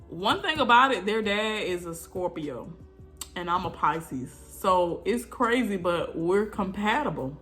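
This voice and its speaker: A woman vlogger casually telling her birth story to viewers, animated and chatty, with frequent asides to the audience. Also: medium pitch, unhurried, soft background music.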